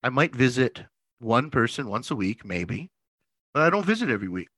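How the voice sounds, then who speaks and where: A man's voice: medium pitch, big pitch swings, a little fast, fairly bright tone, slightly rough, dry recording, rough recording. A man who works as a pastor, chatting casually and telling stories in a rambling way, often repeating his words. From northern United States. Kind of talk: casual podcast chat.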